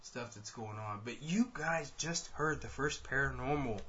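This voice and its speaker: Jumpy guy hosting a ghost hunt radio show, bright edgy voice, kinda lo-fi. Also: medium pitch, unhurried. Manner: excitable, jokey, swings loud and soft. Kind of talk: live paranormal radio chat. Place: dining room of an old house. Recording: lo-fi live radio broadcast.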